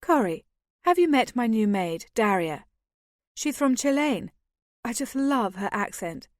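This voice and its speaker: A woman voicing a calm, unruffled young noblewoman in an audiobook. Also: on the high side, unhurried, no room sound, clean studio sound. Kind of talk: audiobook character voice.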